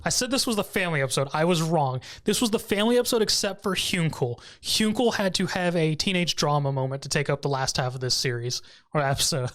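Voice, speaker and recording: A man's voice: a little high, smooth. A man co-hosting a podcast, casually recapping an anime episode, laughing often and briefly mimicking the characters. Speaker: podcast co-host.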